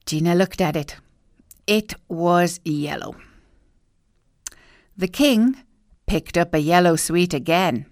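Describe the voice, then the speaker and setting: A woman narrating a children's storybook in an expressive, clear, unhurried way. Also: lowish voice, no echo, studio quality.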